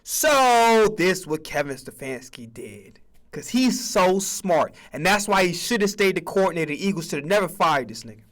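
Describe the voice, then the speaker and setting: A streamer holds forth on football in a loose, profane rant. His voice sits high and swings widely in pitch, with a bright, forceful tone. He keeps breaking into quick impressions of imagined conversations. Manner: animated, profane, acts out mock dialogue. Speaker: streamer host. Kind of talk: casual sports rant.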